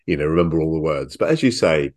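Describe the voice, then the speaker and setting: A man hosting an interview podcast, asking questions in a relaxed way with hesitant fillers. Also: very deep voice, fast. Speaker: podcast host. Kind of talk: casual interview chat.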